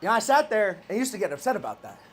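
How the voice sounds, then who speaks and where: A man's voice: high voice, huge pitch swings, very fast, soft background music. A man hosting a casual talk show, hyped and preachy, repeating phrases and using slang. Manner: slangy, talks to a cohost by name. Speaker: podcast host. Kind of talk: casual chat and promotion.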